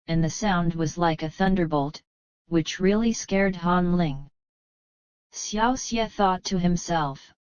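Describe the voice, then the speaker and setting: Brief: female novel narrator, smooth clear voice, even and unhurried, dull-sounding recording. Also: lowish voice, dry recording. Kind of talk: novel reading. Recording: slightly dull, muffled.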